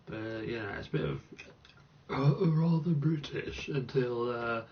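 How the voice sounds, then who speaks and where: A man's voice: medium pitch, measured pace. A man joking through a let's-play, playfully trying out silly accents. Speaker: game streamer. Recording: distant dull mic, faint noise.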